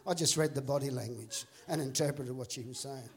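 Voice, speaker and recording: A male pastor, telling a story in a sermon with animated, laughing delivery and voices for the characters. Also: medium pitch, brisk. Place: church auditorium.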